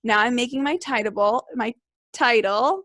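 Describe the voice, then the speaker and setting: A young woman teaching a second grade class remotely, upbeat, clear and encouraging as she speaks to small children. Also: a little high, moderate pace, a bit bright, no echo, studio quality.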